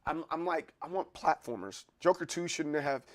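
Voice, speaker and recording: A man hosting a casual live stream, chatting with his viewers in a rambling way, with many restarts and bursts of excitement. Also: on the high side, moderate pace. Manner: rambling, restarts a lot, chuckles and gets excited. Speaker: livestream host. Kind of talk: casual chat answering live chat.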